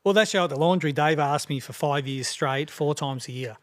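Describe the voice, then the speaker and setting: Fast-talking Australian man in his fifties. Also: a little high. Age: 50s. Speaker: rapper guest. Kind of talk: casual chat.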